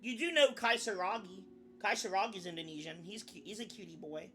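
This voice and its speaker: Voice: medium pitch, brisk, pushed and bright, faint music behind. A young adult VTuber chatting casually on a live stream, rambling, often restarting sentences and swearing now and then.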